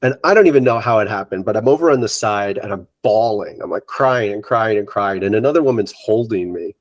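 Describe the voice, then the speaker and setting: Animated middle-aged man telling a story. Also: lowish voice, brisk, no echo. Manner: animated, acts out what others said. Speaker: yoga teacher. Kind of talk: personal storytelling in an interview.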